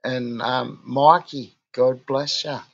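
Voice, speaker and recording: Drunk Australian man, gravelly and slow. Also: medium pitch, fairly even intonation, dull audio. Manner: crude, swearing, ranting, slurred. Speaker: vlogger. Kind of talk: rambling casual monologue.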